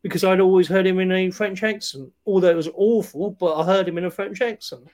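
A man's voice: high-pitched, fairly quick, a little mellow. A man chatting casually about films on a remote call, rambling with many fillers and restarts.

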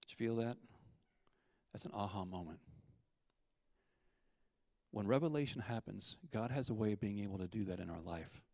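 Middle-aged man, testimony storyteller, animated, dry close sound. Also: fairly low pitch, moderate pace, long pauses, no room sound. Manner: animated storyteller, acts out quotes. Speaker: guest storyteller.

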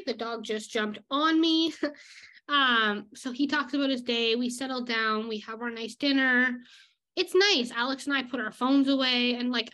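A woman's voice: on the high side, a bit bright. A young woman vlogger chatting casually about her daily routine, full of "like" and easy laughs. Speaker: illustrator vlogger. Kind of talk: casual vlog chat.

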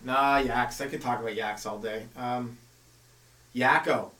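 Rambling comedian in an echoey room. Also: male voice, mid-range voice, steady tone, measured pace, pushed and bright, recorded from a distance. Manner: loose and meandering, with many fillers and asides. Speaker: stand-up comedian and podcast host. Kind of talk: rambling stand-up monologue.

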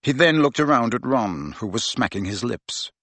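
A man's voice: medium pitch, animated, normal speed, fairly bright tone, no room sound. A man reading a novel aloud as a narrator, telling the story expressively. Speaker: audiobook narrator. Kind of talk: scripted narration.

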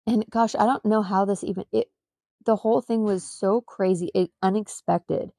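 A woman's voice: medium pitch, fairly even intonation, moderate pace, gravelly, warm tone, no room sound, studio quality. A woman and mother hosting a podcast, telling a story in a rambling, emphatic way, full of fillers and restarts. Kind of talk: casual storytelling.

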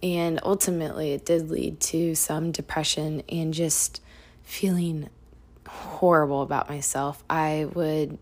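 A young woman hosting a podcast, telling a candid personal story in a reflective way, with soft laughs now and then. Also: sits low, little pitch movement, measured pace. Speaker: podcast host.

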